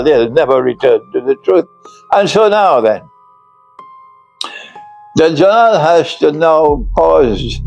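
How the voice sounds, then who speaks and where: Older guy giving a religious lecture, slow and emphatic, laughs a lot as he goes. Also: a little high, creaky, a little mellow, rough recording. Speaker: Islamic scholar lecturing.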